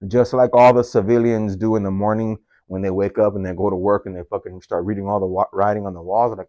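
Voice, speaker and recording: A man telling a story from his own life in a casual, slangy, profane way, leaping up in pitch whenever he quotes someone. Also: little pitch movement, quick pace, few pauses, dark tone, dry recording. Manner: slangy and profane, jumps into high-pitched voices when quoting. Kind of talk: casual first-person storytelling.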